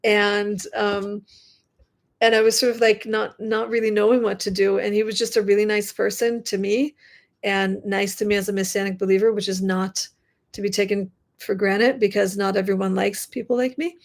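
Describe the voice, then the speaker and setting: Chatty woman with a creaky voice. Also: mid-range voice, little pitch movement, moderate pace. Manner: chatty, rambling, many fillers. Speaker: live stream host. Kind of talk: casual live stream chat. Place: her home at night. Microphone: computer mic.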